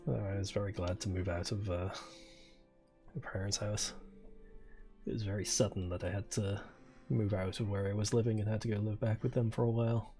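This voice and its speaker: A soft-spoken man in his twenties, chatting casually while streaming a game. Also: little pitch movement, a little fast, pauses often, faint music behind. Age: 20s. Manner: quiet, low-key and soft-spoken. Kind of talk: casual chat while gaming.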